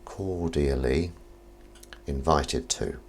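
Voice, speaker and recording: A man hosting a casual live stream, joking with his chat and swinging between loud greetings and mumbled asides. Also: rumbling low, very slow, slight background noise. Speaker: livestream host.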